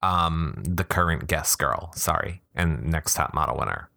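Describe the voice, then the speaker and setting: A woman with a notably low voice hosts a casual podcast, chatting and cracking jokes between read-out passages. Her pitch swings all over the place as she interrupts herself. The sound is close and dry, with no room around it. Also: animated, a little slow, vocal fry, bright, forceful tone, no room sound. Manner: chatty, joking asides, self-interrupting. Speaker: podcast host. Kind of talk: casual podcast chat, reading blogs aloud.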